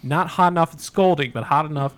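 A man co-hosting a podcast, chatting casually and stumbling through restarts as he thinks aloud. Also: on the high side. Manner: halting, many restarts, relaxed. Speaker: podcast co-host. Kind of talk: casual chat.

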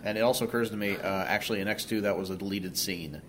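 A man's voice: on the low side, quick pace, fairly bright tone, slight background noise. A man co-hosting a podcast, chatting casually with hesitant fillers and restarts. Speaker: podcast co-host.

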